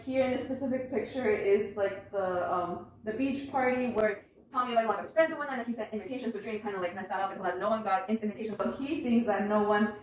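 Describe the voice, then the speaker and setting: A woman's voice: medium pitch, fast. A young woman giving a chatty, rambling presentation to her family, swearing and laughing as she explains. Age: young adult. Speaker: student presenter. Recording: very echoey room, far from mic.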